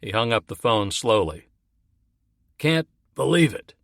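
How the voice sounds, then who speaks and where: A man voicing an excitable army sergeant whose voice jumps high when agitated. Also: unhurried, creaky, dry recording, studio quality, full character voice. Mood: stunned. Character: excitable male soldier sergeant.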